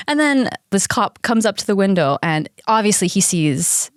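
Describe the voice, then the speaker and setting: Young woman host, casual storytelling, frank and profane, quick laughs, dry close mic. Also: mid-range voice, very animated, no echo. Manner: candid, swears casually, laughs often. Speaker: podcast host.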